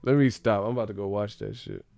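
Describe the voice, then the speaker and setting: A man chatting casually on a livestream, animated and profane, laughing often. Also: fairly low pitch, fast, gravelly, no room sound.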